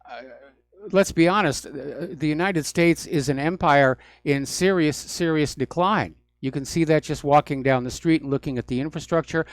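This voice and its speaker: A man hosting a talk radio show, speaking in a measured, calming way. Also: on the high side, no echo. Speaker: radio host.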